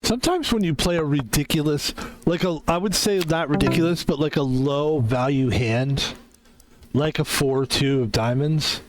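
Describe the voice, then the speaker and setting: Faint music sits behind a man whose slightly high voice moves at a moderate pace, on a low-quality recording. He streams a card game with laid-back, rambling commentary, joking and cursing a lot.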